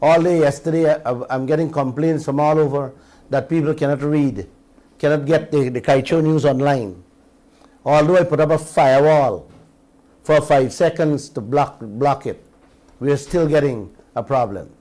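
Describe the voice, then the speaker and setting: A man's voice: on the high side, moderate pace, dark tone. A Guyanese man hosting a radio talk show, giving an impassioned commentary full of rhetorical questions to his listeners and slipping between standard English and creole.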